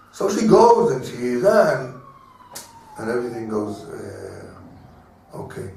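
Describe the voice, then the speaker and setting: Halting rabbi with a Hebrew accent, echoey room. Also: male voice, mid-range voice, very animated, vocal fry, a little mellow, a little hiss or hum. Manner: halting, repeats words while searching for English terms; chuckles often while explaining. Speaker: rabbi teaching a class. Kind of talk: informal Torah lecture. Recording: echoey room, speaker far from mic.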